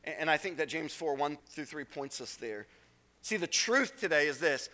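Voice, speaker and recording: A man delivering an earnest sermon as pastor, dropping into hushed low phrases and then rising to emphatic raised ones. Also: lively intonation, normal speed. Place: church sanctuary. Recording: long reverb of a church hall.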